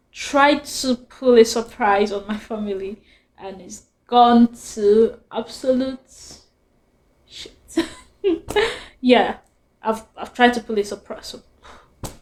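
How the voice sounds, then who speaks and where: A woman's voice: fairly high pitch, slow pace, pauses often, darkish tone. Giggly chatty woman vlogger. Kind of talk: casual storytime vlog.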